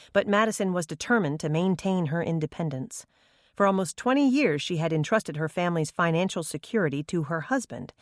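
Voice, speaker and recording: A woman reads a mystery audiobook in an even, measured voice. The sound is dry and close, with no room around it. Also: deep voice, no echo. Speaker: narrator. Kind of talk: scripted audiobook narration.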